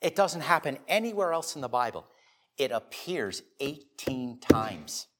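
A man preaching a sermon, telling a personal story in a conversational way, dropping to quiet confiding tones and rising into loud emphatic bursts. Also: medium pitch, very animated, a little slow.

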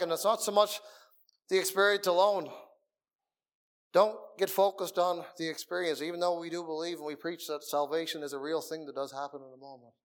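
Earnest man preaching, soft then raised. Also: a little high. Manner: earnest, swings between soft murmurs and raised emphasis. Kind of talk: sermon. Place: meeting room.

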